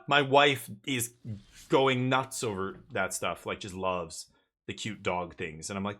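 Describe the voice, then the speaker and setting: A man's voice: fairly low pitch, measured pace, bright, forceful tone. A man chatting casually as he streams a card game, rambling with jokey asides. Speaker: live streamer. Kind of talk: casual gameplay commentary.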